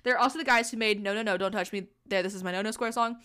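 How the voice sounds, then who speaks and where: A woman's voice: medium pitch, fast, bright, forceful tone, clean tone. A young woman hosting a podcast, reading a silly fanfiction aloud with playful, laughing asides. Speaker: podcast host.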